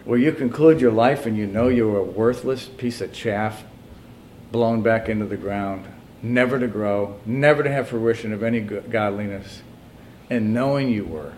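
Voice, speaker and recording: A male pastor delivering a sermon to his congregation. He drops into low, quiet asides and then rises to loud, high-pitched emphasis. A faint hiss sits under the recording. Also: moderate pace.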